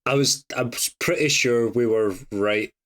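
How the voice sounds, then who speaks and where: A man's voice: medium pitch, measured pace, fairly bright tone. A man co-hosting a podcast in casual chat, laughing often and chiming in with short agreement. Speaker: podcast co-host. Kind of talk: casual chat reviewing a TV episode.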